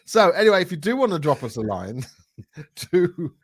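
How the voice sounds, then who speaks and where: Blunt, jokey male co-host; lively pitch, dry close sound. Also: fairly quick, slightly rough, no echo. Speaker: podcast co-host. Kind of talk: casual chat.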